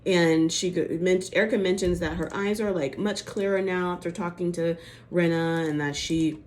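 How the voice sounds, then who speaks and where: A woman's voice: on the low side, steady tone, moderate pace, darkish tone, slight background noise. A woman giving a casual, chatty recap of a TV episode, full of "like" and "you know" and acting out the quotes. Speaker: reality TV recap host.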